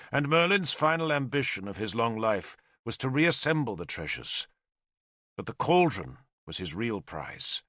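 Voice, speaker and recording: A male audiobook narrator telling a story in first person. His delivery is dramatic and expressive, his pitch moving widely. His tone is bright, recorded close and dry. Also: no room sound.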